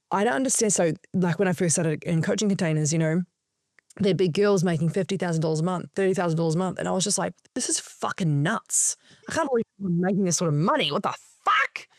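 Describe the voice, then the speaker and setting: Animated, swearing woman. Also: on the low side, no room sound, clean studio sound. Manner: animated storytelling, frequent swearing. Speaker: podcast guest, spiritual coach. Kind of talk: casual podcast conversation.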